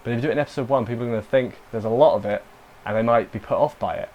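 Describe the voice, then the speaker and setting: A man's voice: mid-range voice, racing, lo-fi sound. A young man casually recapping and reviewing an anime episode, rambling with self-deprecating asides and lots of fillers.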